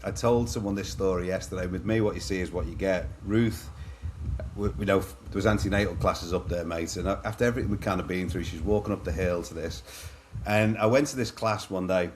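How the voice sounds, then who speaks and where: This is a middle-aged man from Liverpool with an English accent and a low, deep voice. He is a guest on a podcast interview, telling his own stories in a chatty, anecdotal way and often calling the host "mate". A faint hiss sits under the recording. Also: fairly quick. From Liverpool, England. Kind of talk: candid storytelling in a podcast interview.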